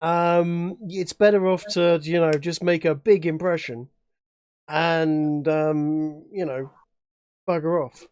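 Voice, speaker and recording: A man from England, a player at a tabletop game, who talks in a rambling way, restarting and filling his sentences. His voice sits a bit high and sounds smooth and clear. The recording is dry and close. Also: fairly even intonation, takes it slowly, a little mellow, no room sound. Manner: rambling, many restarts and fillers. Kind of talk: casual chat at a tabletop game.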